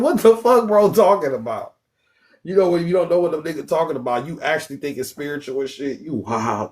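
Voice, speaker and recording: Animated, profane livestream host man. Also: medium pitch, moderate pace. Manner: animated, profane, joking, bursts into yelling. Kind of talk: casual livestream chat.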